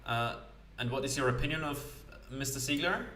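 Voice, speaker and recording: Guy reading lines for a wry british lady sleuth, dry, middling pitch, roomy sound. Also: moderate pace, sharp tone, distant mic, close to an everyday voice. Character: sharp-tongued young woman investigator.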